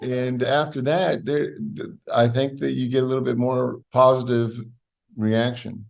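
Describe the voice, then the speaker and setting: A middle-aged man, a podcast guest, explaining things in a good-humored, somewhat halting way. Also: medium pitch, level tone, creaky. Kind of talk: casual podcast conversation.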